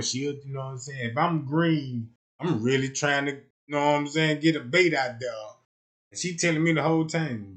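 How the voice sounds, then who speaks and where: Male streamer, higher-pitched, loose comedic rambler; loud one moment, muttering the next. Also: normal speed. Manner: rambling, keeps asking "you know what I'm talking about"; swings between loud outbursts and low mutters. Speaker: live streamer. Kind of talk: casual comedic rant.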